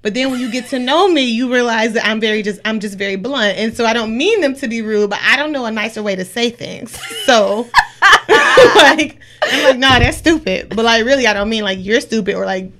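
A woman in her late twenties chatting casually, blunt and quick to laugh, swearing freely. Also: on the high side, a bit bright. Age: 20s. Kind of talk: casual chat.

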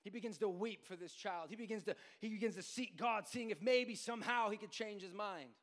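High-voiced preacher in an echoing hall. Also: male voice, a little fast. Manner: builds from quiet storytelling to shouted, sing-song preaching. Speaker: pastor. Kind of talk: sermon. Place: church sanctuary.

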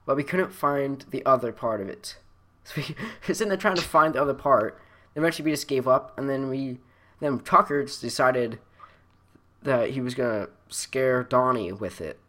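A young man in casual conversation with an ordinary, mid-height pitch. He rambles through work stories with loose fillers and restarts, often breaking into laughter. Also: normal speed, fairly bright tone. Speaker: storyteller. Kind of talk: casual chat.

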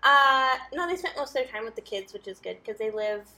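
Podcast co-host, woman, relaxed and easygoing, slightly high, bright voice. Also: brisk, a little hiss or hum. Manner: easygoing, laughs along. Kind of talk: casual chat.

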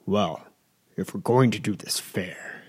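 A man's voice: fairly low pitch, very animated, slow, no room sound, studio quality, full character voice. A man voicing a hulking male troll crime boss who grins and gives commands in a tabletop game. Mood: hushed.

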